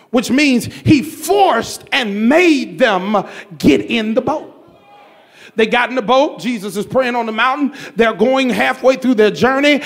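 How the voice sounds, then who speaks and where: A man preaching a sermon in a church, with a rhythmic, repetitive cadence and shouted bursts. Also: extremely high pitch, vocal fry. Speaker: pastor.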